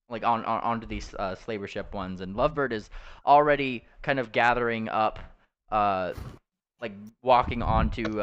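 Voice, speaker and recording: A man runs a tabletop game session, describing the scene in a fairly low voice. His tone is smooth and clear. He stops often with uh and um as he narrates. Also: a bit bright, lo-fi sound. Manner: halting narration full of uh and um fillers. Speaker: game master.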